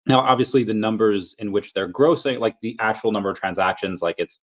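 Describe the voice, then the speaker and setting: Man, lower voice, casual livestream host, meandering and filler-heavy. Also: fairly quick. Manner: rambling, thinks aloud with many fillers. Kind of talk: casual livestream chat reading super chats.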